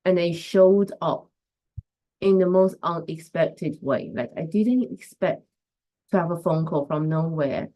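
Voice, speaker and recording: Woman coach on a live stream, lowish voice, reflective, says hi to viewers by name. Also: dark tone. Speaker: host and coach. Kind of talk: casual live-stream talk.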